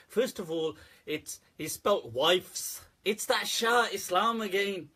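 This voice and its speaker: A man hosts a casual live stream, joking and teasing the viewers as he goes. His voice sits fairly high and sounds husky. He talks slowly and laughs often. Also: animated, a bit bright. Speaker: host of a live Islamic Q&A show.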